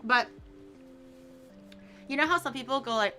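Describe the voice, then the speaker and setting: A woman's voice: high-pitched, a little slow, long pauses, pushed and bright, faint music behind. A woman streamer chatting casually while cooking, playful and teasing, stretching out words to poke fun at pronunciations.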